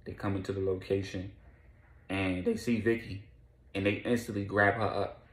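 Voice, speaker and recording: A man's voice: low voice, flat delivery, moderate pace, echoey room. A man telling a story casually, with slang, profanity and repetition.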